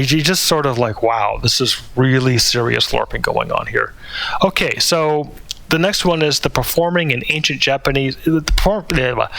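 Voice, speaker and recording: A man's voice: mid-range voice, vocal fry, sharp tone, no room sound. A man talking through a spoken commentary in a hesitant way, with many fillers and restarts. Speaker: channel host.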